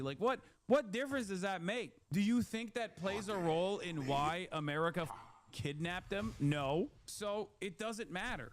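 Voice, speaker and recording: Male streamer host, a bit high-pitched, sarcastic rambling commentary, loose and casual. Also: expressive, normal speed.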